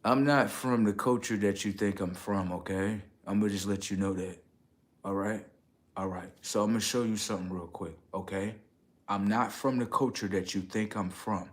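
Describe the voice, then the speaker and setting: Low-voiced man ranting on a livestream. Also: steady tone, moderate pace. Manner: rambling, repeats "okay" and "right" to the audience; slangy, street-casual talk. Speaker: livestream host. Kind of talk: casual livestream rant.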